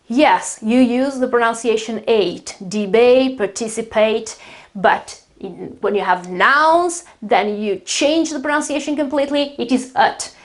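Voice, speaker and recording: A woman with an Italian accent teaching English pronunciation, explaining patiently and repeating words slowly with many fillers. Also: on the high side. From Italy. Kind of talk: pronunciation lesson.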